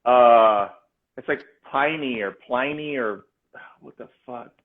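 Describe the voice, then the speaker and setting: A man co-hosting a casual chat, excitable and slangy, swearing often. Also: medium pitch, slow pace. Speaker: podcast co-host. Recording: tinny phone-like sound.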